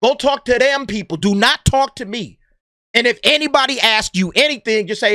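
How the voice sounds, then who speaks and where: Man, sarcastic blunt rant, slangy, dry close sound, sharp tone. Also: sits high, lively intonation, moderate pace, no echo. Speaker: movie commentary vlogger. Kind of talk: ranting opinion commentary.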